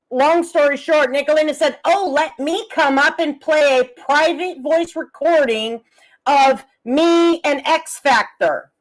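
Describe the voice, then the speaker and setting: A woman's voice: high-pitched, rough recording. A woman streamer giving a heated, profane, confrontational rant full of rhetorical questions. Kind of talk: angry drama commentary rant.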